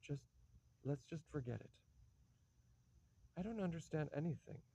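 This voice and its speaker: A man's voice: on the high side, lively intonation, moderate pace, gravelly, warm tone, husky, full character voice. An actor playing an aging father who pleads with his daughter and blusters when he cannot follow events, in a stage play reading. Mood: flustered. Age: older. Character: weary aging father, fond but exasperated. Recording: dull lo-fi recording.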